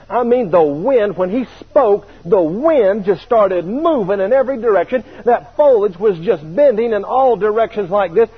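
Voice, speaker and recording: A man preaching a sermon, telling a story in an animated way and chuckling now and then. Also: high voice, breathy edge. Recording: tinny radio broadcast.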